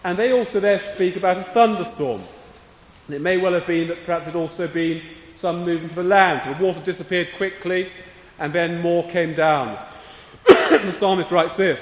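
A man preaching a sermon, slow and measured, coughing now and then. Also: high-pitched. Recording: echoey hall, voice from a distance.

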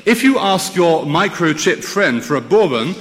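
Male preacher, animated and wry, church-hall reverb. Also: sits high, moderate pace, a little hiss or hum. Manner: lively, wry storytelling with rhetorical questions. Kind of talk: sermon.

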